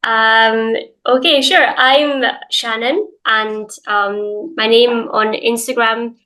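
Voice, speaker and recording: A woman's voice: a little high, steady tone, slow, sharp tone, poor audio. A young Scottish woman with a light Glaswegian accent, an English teacher chatting casually as an interview guest with lots of hedges and fillers. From Scotland, Glasgow.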